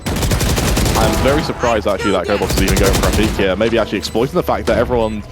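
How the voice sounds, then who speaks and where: A British man giving measured, analytical colour commentary on a competitive video game match. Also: fairly low pitch, loud music behind the voice. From Britain. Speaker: esports caster. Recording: noisy stream audio with game sounds.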